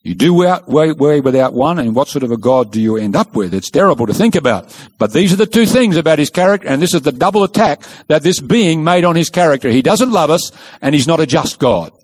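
A man's voice: fairly high pitch, animated, brisk, darkish tone. A man preaching a sermon, telling the story with emphasis and rhetorical questions.

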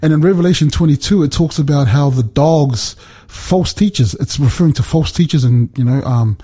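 A man with a fairly high, mellow voice and a breathy edge teaches from the Bible at a moderate pace in casual conversation. He explains things step by step, often checking in with his listener using "right?" and "you know".

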